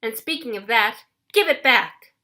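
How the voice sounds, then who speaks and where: A woman voicing a hot-tempered old hag taxi driver who wails and yells. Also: fairly high pitch, expressive, a little slow. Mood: yelling. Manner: wailing, yelling.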